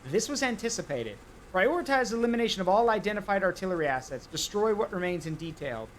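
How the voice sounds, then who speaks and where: A man's voice: sits high, sing-song, fast talker, a little hiss or hum, low-quality recording. A man voicing a curt male military commander issuing clipped, formal orders in a game briefing. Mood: stern.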